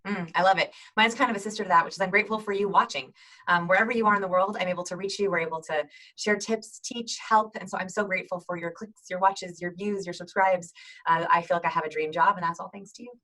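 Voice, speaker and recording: A bright, fast-paced woman coaching viewers through tips in an upbeat instructional video. She talks with lively energy in a slightly low voice and breaks into quick demonstrations of greetings. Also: rough recording. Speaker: host giving video call tips.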